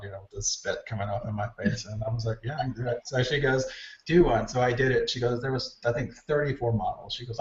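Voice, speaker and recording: A mid-pitched man, guesting as a hair stylist, tells stories animatedly in a casual interview and acts out quoted dialogue. The recording is distant and lo-fi, with roomy echo and a dull sound.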